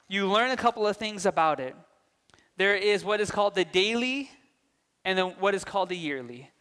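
A young man preaching a sermon, lively, asking the congregation questions and telling anecdotes. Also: high voice. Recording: long reverb of a large hall.

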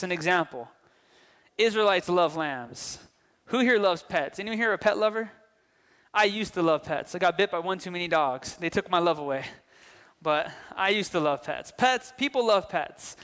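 A young man preaching a sermon, lively, asking the congregation questions and telling anecdotes. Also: high-pitched. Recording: long reverb of a large hall.

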